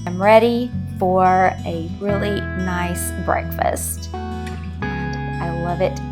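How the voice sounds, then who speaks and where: A woman's voice: on the low side, fairly even intonation, drawn-out words, music in the background. A middle-aged woman chatting casually as a crochet vlogger, rambling in a friendly way and talking straight to her viewers.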